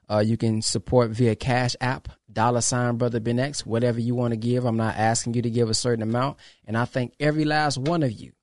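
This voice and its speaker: A man's voice: medium pitch, darkish tone, no echo, studio quality. A man hosting his own podcast, speaking in an emphatic, preachy way, repeating phrases and acting out quoted exchanges. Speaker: podcast host. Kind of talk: casual monologue to followers.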